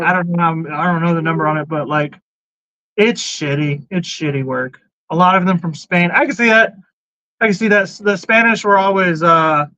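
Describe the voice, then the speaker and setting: A man with a high, sharp, bright voice hosts a loose podcast chat, blunt and quick to swear as he hops from one topic to the next. The recording is dull and lo-fi, with a dry sound and no room echo. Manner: blunt, swears freely, jumps between topics. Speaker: podcast host. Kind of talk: casual chat, reading out chat comments.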